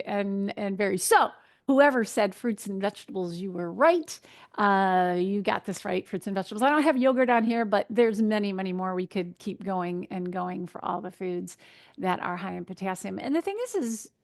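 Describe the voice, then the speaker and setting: A woman, a registered dietitian, giving a conversational health keynote with frequent fillers. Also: mid-range voice. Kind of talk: health talk to an audience.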